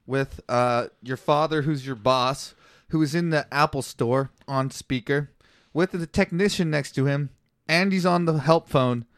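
A man hosting a casual podcast, his voice sitting a touch high. He tells stories in an excitable, profane rush and sounds a little mumbly from a sore tongue. The sound is dry and close, with no room in it. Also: a little slow, smooth, no echo. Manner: excitable, swearing, animated storyteller. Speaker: podcast host. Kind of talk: casual chat.

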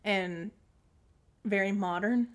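Animated mom telling a story. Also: female voice, medium pitch, slow pace. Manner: animated storytelling, acts out quotes; frequent throat clearing. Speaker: podcast co-host. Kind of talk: casual chat.

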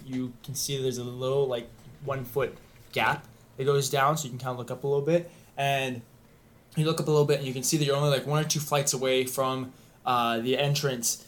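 A man running a tabletop game as game master, narrating in a rambling way with many ums and uhs. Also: mid-range voice.

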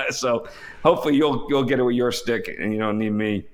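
A man's voice: medium pitch, normal speed. A man, a former astronaut, telling a long story in casual chat, rambling, restarting and laughing as he goes. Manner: rambling, self-interrupting storyteller, laughs often. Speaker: former astronaut, podcast co-host. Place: home by the water.

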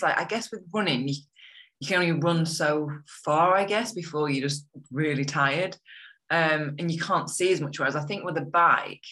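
A young woman talks in a bright, forward voice. She is chatty and enthusiastic, leaning on fillers as she speaks in a casual interview. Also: sits low. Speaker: guest.

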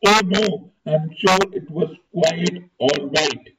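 A man's voice: fairly high pitch, slow pace, vocal fry, fairly bright tone, heavily acted. A man putting on a cold, scornful young woman. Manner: bitter, mocking mimicry of gossip. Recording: distant, muffled, noisy recording.

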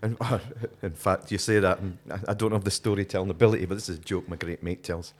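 A man's voice: deep voice, fairly even intonation, fast. A Scottish man, a podcast co-host, chatting casually, hesitant with many restarts and easy laughs. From Scotland. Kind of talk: casual chat.

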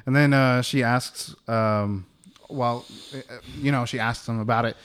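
A man's voice: mid-range voice, fairly even intonation, unhurried, a bit bright, clear, resonant tone. A young man co-hosting a casual film podcast, loosely retelling a movie plot with lots of "yo" and "um" and easy laughter. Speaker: podcast co-host. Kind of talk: casual film discussion chat.

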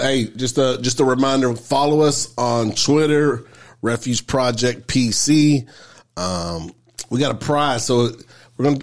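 A man's voice: mid-range voice, a little mellow. A man co-hosting a church podcast in a laid-back, rambling casual chat. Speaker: podcast co-host.

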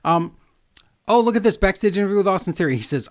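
A man's voice: on the high side, big pitch swings, a little fast. A man co-hosting a casual chat, recapping events with sarcastic asides and mocking impressions. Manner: sarcastic, reads out lines in mocking voices. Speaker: podcast co-host recapping wrestling.

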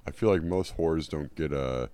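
Very deep-voiced rambling man. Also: moderate pace, dark tone, no echo. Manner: rambling, hesitant, many fillers and restarts. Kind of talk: casual comedy podcast chat.

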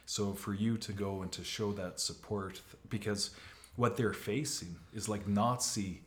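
A man from Canada hosting a casual talk, telling stories with animated energy, swearing and laughing along the way. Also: fairly low pitch, measured pace, reverberant. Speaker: podcast host. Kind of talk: casual conversation.

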